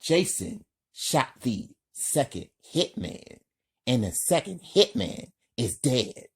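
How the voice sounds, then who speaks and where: Slow, husky man reading a crime story. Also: medium pitch, very animated. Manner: plain, scene-by-scene narration. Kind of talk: reading a crime script aloud.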